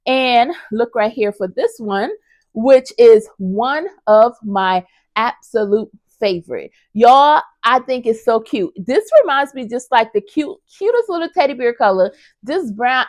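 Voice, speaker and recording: A woman with a fairly high voice chats casually through a crochet review, enthusiastic and addressing her viewers directly. The sound is close and dry. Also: no echo. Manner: chatty and enthusiastic, talks straight to viewers as y'all. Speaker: crochet vlogger.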